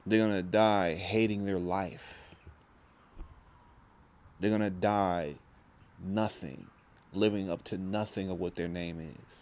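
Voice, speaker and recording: A man's voice: low-pitched, steady tone, slow, pauses often, a little mellow. A young man talking to camera in a rambling, intense vlog monologue, full of restarts and slang. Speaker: vlogger.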